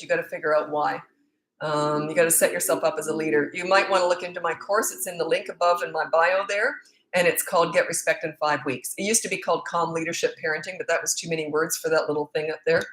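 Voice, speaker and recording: A woman's voice: low-pitched, steady tone, fast talker, fairly bright tone. A middle-aged woman, a parenting coach, answering viewer questions in a frank, chatty way full of stories and fillers. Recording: roomy echo.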